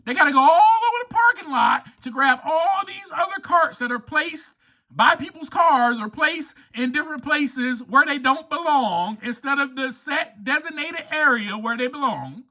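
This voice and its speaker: A man hosting a recovery podcast, delivering an impassioned, preachy monologue that rises to near-shouts. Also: very high-pitched, lively intonation, normal speed. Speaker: podcast host.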